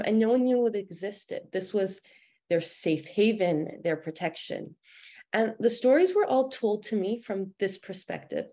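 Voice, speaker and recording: A young woman with a low, dark-toned voice speaks at a film discussion presentation. She earnestly shares a family story as a personal talk, often saying "um."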